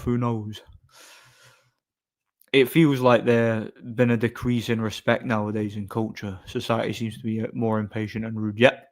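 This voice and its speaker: A man chatting casually on a live stream, answering chat in a blunt, opinionated, rambling way. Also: medium pitch.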